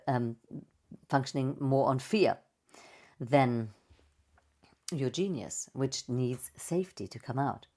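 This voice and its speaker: Woman, voice coach, slide presentation, playful, demonstrative, low pitch, mellow tone. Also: slow, long pauses. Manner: playful, expressive, demonstrates vocal examples. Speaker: voice and speaking coach.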